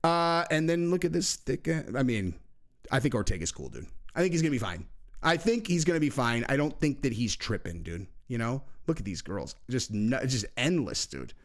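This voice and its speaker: A brash man riffs through crude, casual commentary, swearing freely and laughing at his own jokes. His voice sits at an ordinary middle pitch for a man. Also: big pitch swings, normal speed. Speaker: YouTube host.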